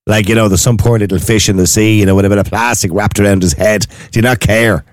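A man's voice: on the low side, steady tone, quick pace, dry recording, studio quality. An Irish man hosting a casual chat, asking probing questions conversationally.

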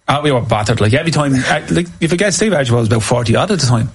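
A man, a former footballer telling animated stories in casual chat and acting out what people said. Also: medium pitch, rapid-fire, slightly rough. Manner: animated anecdotes, acts out quotes. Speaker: former footballer, podcast guest.

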